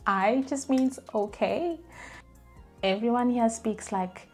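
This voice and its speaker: A young woman talks straight to camera in an easy, chatty vlog voice at a mid pitch. She fills her sentences with ums and restarts and slips into lively impressions of the phrases she quotes. Faint music sits under her. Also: slow pace, pauses often. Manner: chatty, many fillers and restarts; animated, acts out quoted phrases. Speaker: vlogger. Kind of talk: casual storytelling to camera.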